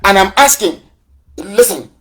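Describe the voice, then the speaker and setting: Man, raised pitch, fiery live broadcast address, hammers points with repeated questions and taunts. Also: expressive, measured pace, a bit bright, breathy edge. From southeastern Nigeria. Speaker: movement leader on a live broadcast.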